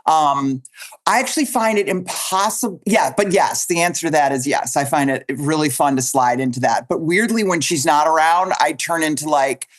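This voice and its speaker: A woman from the Midwest, a guest on a podcast, chatting in a playful, animated way and laughing often. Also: low voice, moderate pace. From Milwaukee area, US. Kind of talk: casual chat.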